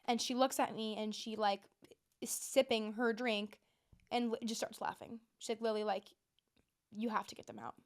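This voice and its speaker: A young woman in her twenties, a podcast host telling a story in a chatty, animated way with lots of fillers. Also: on the high side, moderate pace. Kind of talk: casual storytelling monologue.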